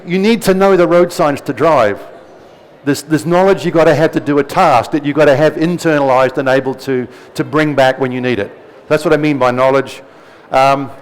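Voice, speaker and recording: A middle-aged man with a softened New Zealand accent speaks at a live seminar. He talks in an easy, conversational way, throwing in jokes and questions to the room, and his pitch sits in the middle range. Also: low-quality recording. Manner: conversational, joking asides to the audience.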